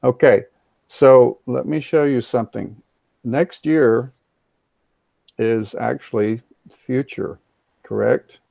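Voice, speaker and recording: A man's voice: medium pitch, slow pace, gravelly, pauses often, mellow, no room sound. A man teaching an online English class over a video call, patiently explaining and repeating, and slipping in the odd Spanish word. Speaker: ESL teacher.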